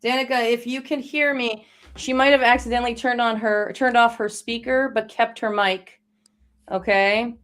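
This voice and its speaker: A woman's voice: on the high side, steady tone, moderate pace, a bit bright. A woman hosting a live online psychic reading, talking to callers in a reassuring, encouraging way. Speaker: psychic medium host.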